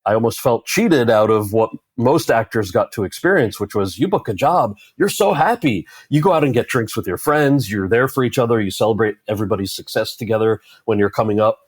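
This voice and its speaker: A low-pitched man in his forties tells a story in an interview and acts out the lines of the people he met. He sounds relaxed and talkative. The recording is close and dry, with no room sound. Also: a little fast, few pauses, husky, dry recording. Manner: animated anecdote-telling, quoting others in character. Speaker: actor and author, interview guest. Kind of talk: conversational storytelling.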